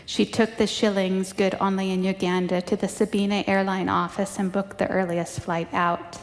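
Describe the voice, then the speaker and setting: A woman reading a personal memoir aloud at a church service, in a measured storytelling manner. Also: mid-range voice. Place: church sanctuary. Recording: long reverb of a church hall.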